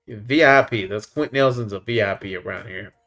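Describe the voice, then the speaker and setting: This is casual livestream talk from a man who reads his chat in a laid-back manner, often chuckling and using "man" and "buddy." His voice sits on the low side and is fairly bright, his pace fairly quick, with soft music behind him.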